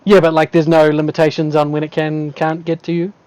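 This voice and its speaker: A man's voice: fairly high pitch, monotone, a little fast, a little mellow, no room sound. A man running a tabletop game as game master, narrating in a casual, playful way and laughing often.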